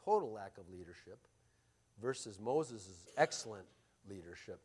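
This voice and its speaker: A middle-aged man pastor preaching a sermon, telling stories and moving between loud emphasis and quiet asides. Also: on the low side, lively intonation, moderate pace, slightly rough.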